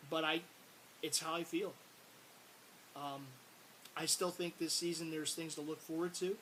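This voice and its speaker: Casting note: rambling, exasperated male fan vlogger, a touch high, faint hiss behind. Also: level tone, unhurried, rough recording. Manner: frustrated, rambling, repeats words, bursts of exasperated shouting. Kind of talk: casual sports rant to camera.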